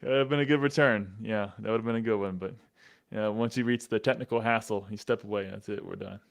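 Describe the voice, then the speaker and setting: Smooth low-voiced man hosting a podcast. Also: fast talker. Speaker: podcast host. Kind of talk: podcast interview.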